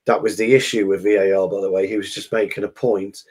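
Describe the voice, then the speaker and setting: Co-host, male, lowish voice, thoughtful and halting. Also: flat delivery, darkish tone, slightly rough. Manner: thoughtful, hesitant with many fillers. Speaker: podcast co-host. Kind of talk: casual football podcast chat.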